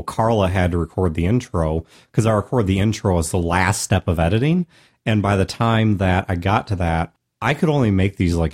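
An American man with a sore throat hosting a solo podcast, joking with big swings in pitch. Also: darkish tone. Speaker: podcast host.

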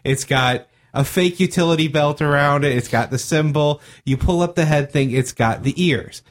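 A man's voice: on the high side, normal speed. A man co-hosting a podcast, telling an anecdote in casual chat with care for details. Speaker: podcast co-host.

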